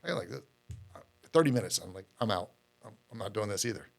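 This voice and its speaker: A man's voice: fairly low pitch, expressive, fast, vocal fry. A middle-aged man, a podcast guest, telling his story in a candid, rambling way with many fillers and repeated words.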